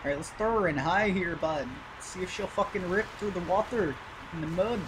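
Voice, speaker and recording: Rambling male gamer, loud engine noise. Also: high-pitched, fairly quick. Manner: rambling, easygoing, with filler and cursing. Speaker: gaming YouTuber. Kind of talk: casual gameplay commentary. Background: truck engine and game sounds.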